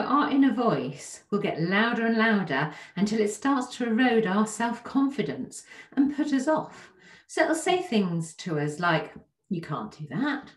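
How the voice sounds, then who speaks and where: A woman giving a gentle, reassuring self-help talk straight to the listener, often asking rhetorical questions. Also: medium pitch. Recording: echoey room.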